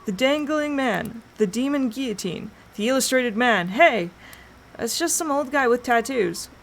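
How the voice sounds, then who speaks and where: A woman voicing a bold, dreamy young boy in a storybook reading, talking in eager, excited bursts. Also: on the high side, unhurried, pitched above the performer's own voice. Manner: excited, breathless listing.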